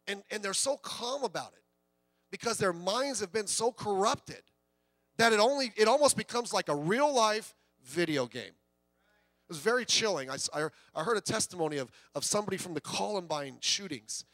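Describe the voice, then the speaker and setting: A man's voice: high-pitched, lively intonation, normal speed, a bit bright, no echo. A man preaching a sermon as pastor, in a conversational way with stories and quoted voices.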